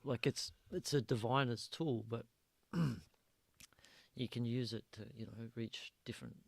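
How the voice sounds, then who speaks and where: A man's voice: medium pitch, slow pace, vocal fry, slightly rough, dry recording. A man hosting a casual chat, mostly giving short murmured replies. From Australia. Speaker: host.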